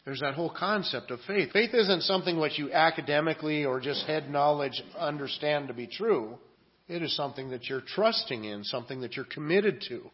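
Earnest preacher man, lo-fi audio. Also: fairly high pitch. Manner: earnest preaching, swings from quiet asides to loud emphatic scripture reading. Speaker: pastor. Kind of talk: sermon.

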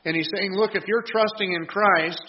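A man's voice: sits high, steady tone, normal speed, dull audio. A man preaching a conversational sermon, earnest and plain-spoken, teaching with frequent restarts. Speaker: pastor.

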